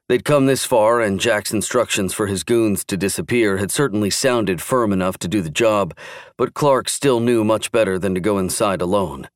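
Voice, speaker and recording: A man narrating a thriller audiobook in a steady, even storytelling manner. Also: lowish voice, no room sound, clean studio sound. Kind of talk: scripted narration.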